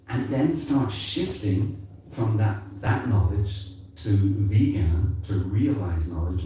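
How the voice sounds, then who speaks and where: A man born in England gives a rambling, conversational sermon with an accent that mixes English and Irish. His voice sits low and dark, with a mellow tone. He is heard from a distance in a very echoey temple hall. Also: a little hiss or hum. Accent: mixed English and Irish. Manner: conversational, rambling, frequent "you know". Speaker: temple speaker.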